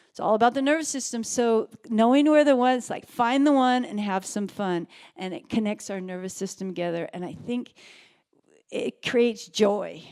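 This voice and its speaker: A woman's voice: medium pitch, darkish tone, clear, resonant tone. A woman giving an earnest, rambling, chatty talk to a live audience as a summit speaker and ukulele teacher. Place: event hall. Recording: echoey hall with ukulele music.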